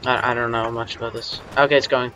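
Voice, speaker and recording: A young man chatting casually while playing a team shooter, giving quick excited callouts and often restarting his words. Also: mid-range voice, highs cut off, faint music behind. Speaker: gamer. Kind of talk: casual gaming chat.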